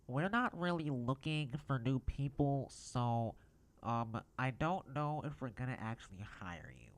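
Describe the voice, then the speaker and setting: A young man putting on a mocking, higher voice as a dismissive store clerk. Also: expressive, unhurried.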